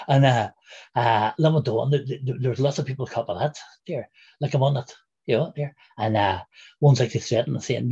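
A man's voice: mid-range voice, fairly quick, mellow, slightly rough, muffled recording. A man in his sixties with a Derry accent, reminiscing in a rambling, casual way as an interview guest. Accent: Derry, Northern Irish. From Northern Ireland. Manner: rambling, many fillers and "there".

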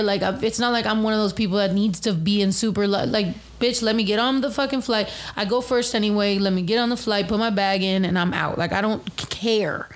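A young woman hosting a casual chat, telling a story in an animated, profane rant full of acted-out quotes. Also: fairly high pitch. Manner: animated, profane, fast ranting with dramatic reenacted quotes.

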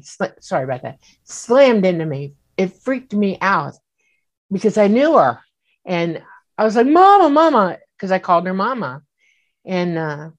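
Woman guest, lowish voice, animated storyteller, acts out the voices she quotes. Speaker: guest recounting an experience. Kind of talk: casual storytelling.

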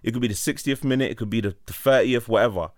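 A man's voice: medium pitch, rapid-fire, no room sound, studio quality. A young man telling a long story in a casual chat, full of slang. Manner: London slang, animated storyteller.

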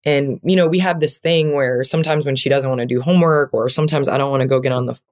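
A woman's voice: a bass voice, fairly even intonation, fast talker, darkish tone. A woman talking as an interview guest, a basketball player speaking earnestly and reflectively with many fillers. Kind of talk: heartfelt conversational interview.

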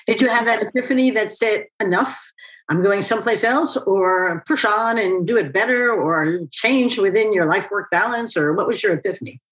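A woman's voice: mid-range voice, normal speed, hardly any pauses, a bit bright, low-quality recording. A woman hosting an interview, an author herself, sharing memories and asking long reflective questions. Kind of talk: interview conversation.

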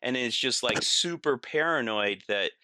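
A man's voice: mid-range voice, animated, unhurried, sharp tone. A man guesting on a podcast, telling stories casually, acting out quotes and laughing through them. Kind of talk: casual storytelling.

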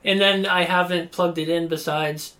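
Chill podcast guy, voice sits a bit high, rambles and chuckles a lot. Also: fairly even intonation, moderate pace, sharp tone. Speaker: podcast co-host. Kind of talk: casual chat.

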